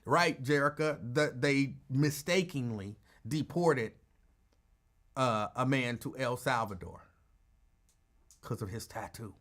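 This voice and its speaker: A man hosting a call-in radio show, talking casually and animatedly, with quick asides. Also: mid-range voice. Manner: animated, conversational, drops into asides.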